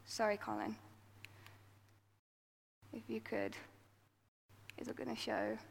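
A woman's voice: on the high side, flat delivery, slow, vocal fry, a little hiss or hum. A woman giving an informal talk at church, chatty and self-deprecating, acting out quoted lines as she goes. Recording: long hall reverb.

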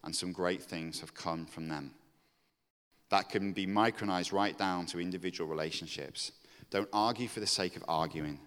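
A man's voice: sits low, moderate pace, a bit bright. A man giving an earnest sermon to a congregation, candid about his own faults and rising to emphatic exhortation. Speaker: preacher. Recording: long reverb of a hall.

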